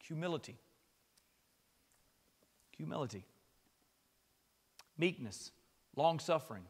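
Preaching a sermon as pastor, a man swings between loud, impassioned passages and quiet conversational asides, repeating phrases as he goes. His voice is a little high with lively intonation, slightly rough, and he takes it slowly in a big-room sound.

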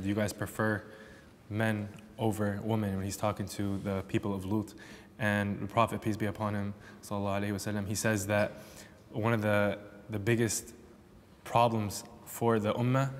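A man's voice: fairly low pitch, level tone, a little fast, slight background noise. A man in a debate, quoting scripture to make his point. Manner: quotes scripture. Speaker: debate participant. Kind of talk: debate statement. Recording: reverberant room with faint ambience.

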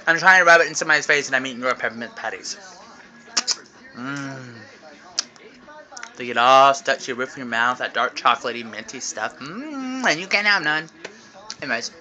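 A man's voice: medium pitch, fairly quick, long pauses, sharp tone. A man chatting in a casual, rambling vlog from home into his phone, talking while chewing candy. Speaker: vlogger. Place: at home, indoors. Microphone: phone camera.

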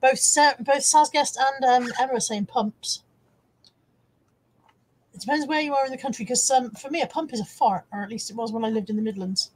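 Husky-voiced woman chatting on a live stream. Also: sits high, brisk, poor audio. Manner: chatty and teasing, reading out viewer comments. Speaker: live-stream host and eBay reseller. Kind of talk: casual live-stream chat. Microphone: camera on a wire, close by.

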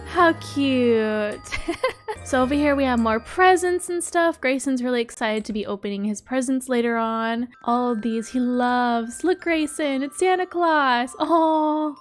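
A young woman giving bubbly, excitable role-play game commentary, gasping often. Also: sits high. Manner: bubbly and excitable, frequent gasps. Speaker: gaming YouTuber.

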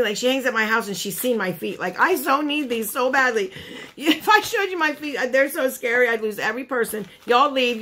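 A woman's voice: on the high side, pushed and bright. Gushing, emotional woman vlogger. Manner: gushing, emotional, chatty with lots of "like" and "you know". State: choked up, near tears. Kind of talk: casual chat to camera.

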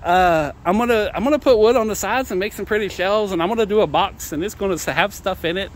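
Speaking quickly in a high-pitched voice, a man vlogs outside next to a trailer. It's a casual ramble about used gear he intends to sell, and he can't stop giggling, laughing until he cries while apologizing.

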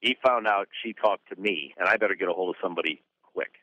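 A man, a divorce attorney, recounting a story in a fast, incredulous way and acting out the voices of others. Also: low-pitched, dry recording, lo-fi sound. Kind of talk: recounting an anecdote.

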